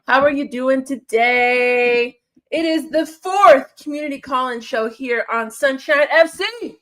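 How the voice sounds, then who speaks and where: A woman's voice: sits high, unhurried, fairly bright tone. Upbeat, chatty woman hosting a livestream. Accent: non-standard accent, remarked on by a viewer. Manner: upbeat, chatty, laughs often, repeats phrases. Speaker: streamer hosting a football call-in show. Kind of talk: casual livestream chat.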